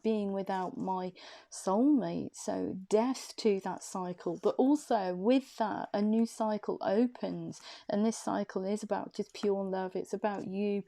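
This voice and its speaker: A woman with a mellow, warm voice gives an intuitive tarot reading. She talks in a loose, chatty way and stretches her phrases out. Her pitch sits in the middle of the usual female range. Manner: chatty, drawn-out, laughs easily. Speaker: tarot reader. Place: room indoors.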